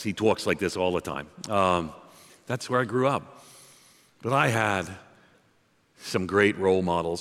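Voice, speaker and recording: A man's voice: sits low, a bit bright. A man from outside New York City preaching a sermon as pastor, emphatic and repetitive, with joking asides. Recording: long reverb of a large hall.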